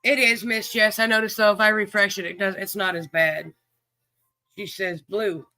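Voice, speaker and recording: A man's voice: high-pitched, flat delivery, normal speed, sharp tone, dry recording. A man hosting a livestream game, chatting in a folksy way and greeting viewers by name. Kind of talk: casual livestream chat, reading viewers' names.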